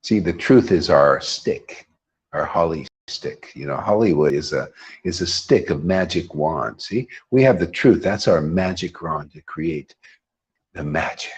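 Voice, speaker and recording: Husky low-voiced man preaching with animated swings. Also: unhurried. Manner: rambling, emphatic, laughs often. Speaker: host leading a devotional class. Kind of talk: informal devotional preaching.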